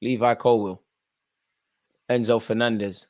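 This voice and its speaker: A man's voice: medium pitch, level tone, measured pace, a little mellow. A man hosting a live football watchalong, calling out players by name and bantering in casual slang. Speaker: watchalong host.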